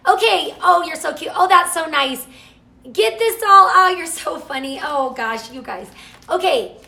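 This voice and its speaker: A woman hosting a live cooking chat from her home kitchen, gushing excitedly and reading out viewer comments to her camera. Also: sits high, normal speed, vocal fry, roomy sound. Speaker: cooking show host selling products. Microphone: camera mic, moves off camera at times.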